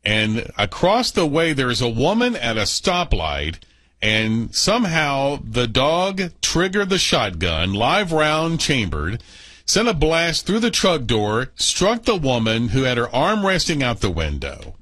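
A man co-hosting a call-in radio show, telling a story in a lively way and laughing often. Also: medium pitch, measured pace, no room sound. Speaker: radio co-host.

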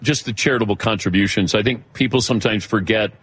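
A man's voice: on the low side, quick pace, a bit bright, slightly rough. A man hosting a radio show, joking casually with a guest and announcing what comes up next.

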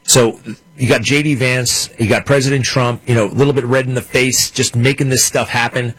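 A male talk radio host in full opinion mode, sarcastic and mocking, now and then slipping into put-on voices. His voice is husky, and the studio mic is dry and close. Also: mid-range voice, fairly even intonation, a little fast, a bit bright, no room sound, poor audio.

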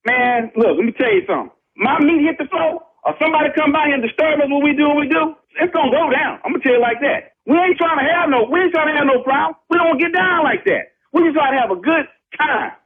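Give me a very high-voiced man arguing insistently over a tinny phone. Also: fast talker, few pauses. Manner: insistent, repeats "man" constantly. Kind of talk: heated phone argument.

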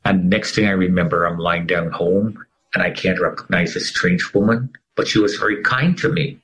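A middle-aged man with a husky, rather low voice recounts his own story as an interview guest. He tells it dramatically, with his pitch leaping and falling, and this is an emotional personal testimony rather than a scripted talk. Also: steady tone, moderate pace, a bit bright, low-quality recording.

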